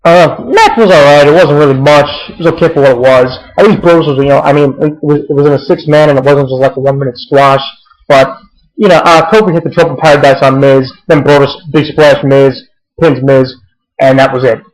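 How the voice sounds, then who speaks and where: A man's voice: on the high side, a little fast, poor audio. Rambling young man recapping wrestling. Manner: rambling, many fillers and restarts, swears freely. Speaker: wrestling show reviewer. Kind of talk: casual spoken recap.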